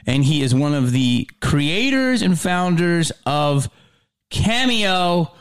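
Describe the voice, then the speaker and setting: A man hosting a podcast, chatting casually and telling stories with an excitable, joking manner. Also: fairly high pitch, slow pace, clean tone. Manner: excitable, joking, animated storytelling. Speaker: podcast host. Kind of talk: casual interview chat.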